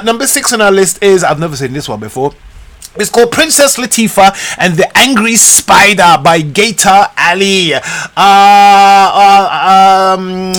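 A man's voice: sits high, fairly bright tone. A man hosting a radio talk show, chatting casually and reading listener messages, with frequent ums and uhs. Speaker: radio host.

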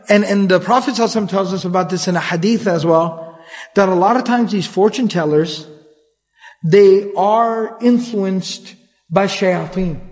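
A man with a high voice tells a religious story in a casual, chatty manner, with fast stretches of Arabic recitation. His voice carries a long hall reverb. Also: a little mellow. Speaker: religious lecturer. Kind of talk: conversational Islamic storytelling lecture.

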